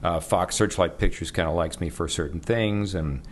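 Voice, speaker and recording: A man's voice: low voice, normal speed, a little hiss or hum. A middle-aged man, a voice actor, chatting casually in an interview and rambling with frequent trailing off. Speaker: voice actor guest.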